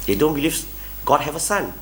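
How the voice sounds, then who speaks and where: Earnest male debater, higher pitch, lively intonation, non-native English grammar. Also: fairly quick, slight background noise. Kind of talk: live online debate.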